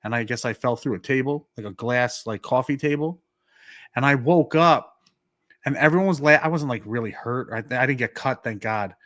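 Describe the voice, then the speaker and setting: Animated New guy telling a story. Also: mid-range voice, moderate pace, no echo, studio quality. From New York. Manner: animated, acts out quoted dialogue, many "like" fillers. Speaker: podcast co-host. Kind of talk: casual storytelling.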